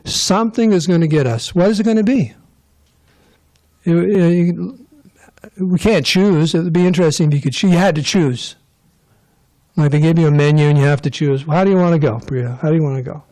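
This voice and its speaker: A man's voice: a little high, brisk, a little mellow. A man giving a casual scripture class, rambling and joking with digressions. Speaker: temple class speaker.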